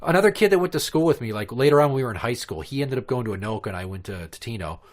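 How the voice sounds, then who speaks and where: Rapid-fire and lively in intonation, a mid-range male voice carries this casual storytelling on a podcast. The host, a Minnesotan, is crude and profane and chuckles at his own humor.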